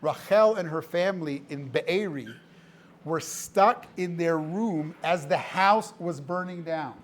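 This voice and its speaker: A man's voice: a little high, slow pace, slight background noise. Emphatic man telling stories to a crowd. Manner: emphatic, dramatic storytelling with repetitions. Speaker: director of a charity, guest speaker. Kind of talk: storytelling speech to an audience. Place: indoor room before a live audience.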